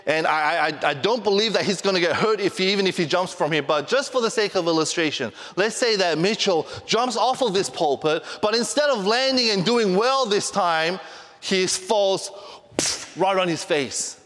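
A man preaching a family sermon in a church, joking easily with the children and slowing down to stress his key points. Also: sits high, lively intonation, a bit bright. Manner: playful with kids, then slow and emphatic on key points. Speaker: pastor. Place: church sanctuary. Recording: long hall reverb.

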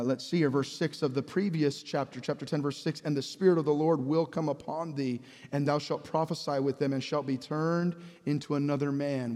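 A man's voice: mid-range voice, darkish tone, long reverb tail. A pastor preaching a sermon, reading scripture aloud and acting out the voices of the people in it, often repeating words as he speaks.

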